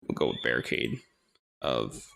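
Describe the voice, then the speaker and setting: A man's voice: rumbling low, wildly swooping pitch, measured pace, vocal fry, a bit bright, no room sound, clean studio sound. A man casually talking through a game, hesitant and rambling, laughing often and swearing now and then. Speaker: gaming streamer. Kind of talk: casual gameplay commentary.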